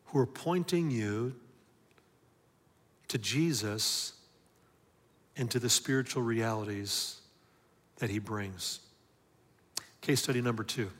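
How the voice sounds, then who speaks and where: Guy pastor preaching, mid voice, asks the room questions, goes loud then quiet, long church echo. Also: medium pitch. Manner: emphatic, call-and-response questions, swings from loud to hushed. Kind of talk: sermon.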